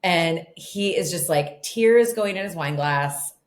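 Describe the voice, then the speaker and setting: A middle-aged woman, a guest author, tells her story in a casual interview, chatty and animated, full of "like" and "you know." Her voice is lowish and her pace slow, and the room sounds echoey.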